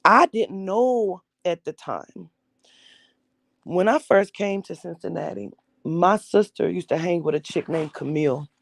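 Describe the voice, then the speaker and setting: Woman, young adult, gravelly and dark-toned; blunt, profane personal storytelling. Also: fairly low pitch, no echo. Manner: blunt, profane, acts out quoted voices. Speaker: vlogger telling her life story.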